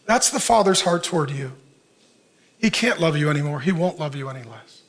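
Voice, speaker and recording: Middle-aged pastor guy preaching, high voice, shouts then goes all soft, laughs at himself a lot. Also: a little fast. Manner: animated, shouting peaks, drops to soft tender asides; laughs often, self-deprecating humor. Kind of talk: sermon.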